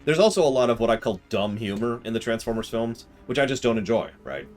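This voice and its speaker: A man's voice: mid-range voice, lively intonation, fast. A tired man with a sore throat, rambling through opinionated commentary and reading chat aloud during a live game stream.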